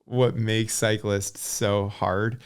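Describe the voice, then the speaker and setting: A middle-aged man as a podcast guest, telling stories in a relaxed, casual way with lots of fillers. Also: on the low side, takes it slowly, clean tone. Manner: relaxed storyteller, many fillers like and uh. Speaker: podcast guest, former pro cyclist. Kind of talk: casual chat.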